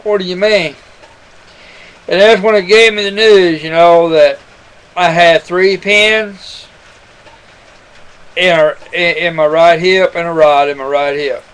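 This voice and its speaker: A man's voice: sits high, fairly even intonation, takes it slowly, long pauses, a bit bright, clear, resonant tone, low-quality recording. Earnest rambling man on a webcam. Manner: earnest, rambling, addresses listener as son. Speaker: webcam storyteller. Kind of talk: casual personal testimony.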